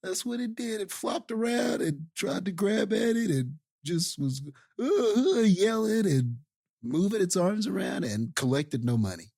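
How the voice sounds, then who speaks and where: A man's voice: high-pitched, lively intonation, measured pace, vocal fry, dark tone, breathy edge, no room sound, studio quality. A man co-hosting a podcast, mocking a movie with sarcastic quips. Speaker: podcast co-host. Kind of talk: casual movie review chat.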